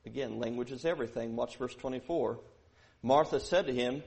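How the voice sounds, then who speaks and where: A man preaching a sermon who moves from quiet verse-by-verse teaching to loud, emphatic preaching, repeating phrases for emphasis. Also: mid-range voice, fairly quick, gravelly.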